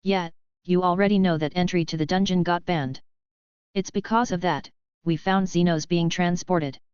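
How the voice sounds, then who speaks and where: A woman's voice: fairly low pitch, steady tone, moderate pace, a little mellow, smooth, dry recording, lo-fi sound, natural voice. Woman reading a blunt young male leader.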